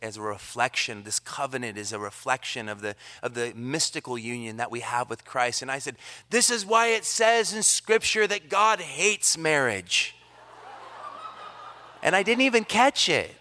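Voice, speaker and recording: A man preaching a sermon on a church microphone, energetic and earnest, swinging from loud emphasis down to hushed, almost whispered lines. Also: medium pitch. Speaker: pastor. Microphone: handheld or stand microphone.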